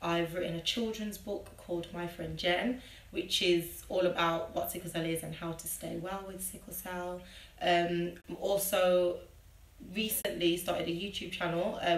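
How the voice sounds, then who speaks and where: Friendly brummie woman as the guest, kinda low voice, roomy echo. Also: fairly bright tone, recorded from a distance. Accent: Birmingham. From Birmingham, England. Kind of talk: casual interview talk.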